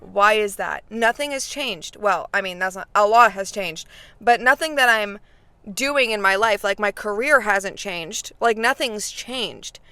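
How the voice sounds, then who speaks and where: Chatty young woman, clear voice. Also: mid-range voice, measured pace, sharp tone, no room sound. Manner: chatty, frequent fillers, talks straight to viewers. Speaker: faith vlogger. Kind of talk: casual chat.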